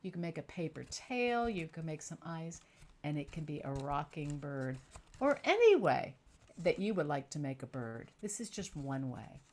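A middle-aged woman storyteller guiding young children through a simple craft and answering their questions slowly and clearly. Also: deep voice, very animated. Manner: warm, patient, slow and clear for young children.

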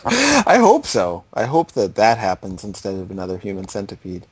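A man's voice: lowish voice, huge pitch swings, normal speed, husky, dry recording. A man co-hosting a podcast, casually chatting and asking amused follow-up questions. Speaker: podcast co-host. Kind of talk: casual chat.

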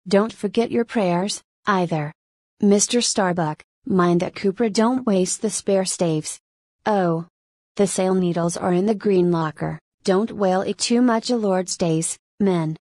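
A woman's voice: fairly low pitch, warm tone, no room sound, studio quality. A woman reading the lines of an anxious, fussy old male ship owner in an audiobook, rambling through his farewells. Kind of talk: audiobook narration.

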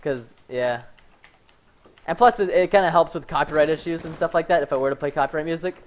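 A man giving live commentary over his own gameplay, excitable and prone to yelling, with "fudge" in place of swear words. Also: fairly high pitch, brisk. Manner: excitable, yells when hyped, says "fudge" instead of swearing. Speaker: gaming streamer.

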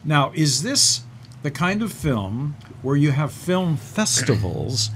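A man hosting a TV talk show, his fairly high voice rising and falling a lot as he reacts eagerly to his guest. Faint noise sits under his voice. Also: very animated. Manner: eager, quick to react with praise. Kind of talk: interview.

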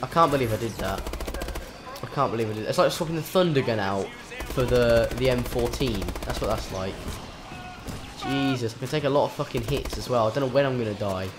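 A man's voice: mid-range voice, brisk, background noise. A man commentating his own game live, swearing often, with frustrated outbursts and panicked yelps. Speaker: gaming channel host.

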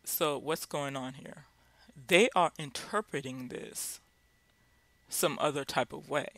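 A man's voice: a little high, takes it slowly, bright, forceful tone, no room sound. A man giving an informal Bible lesson, speaking directly and driving his points home with repeated rhetorical questions. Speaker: Bible teacher.

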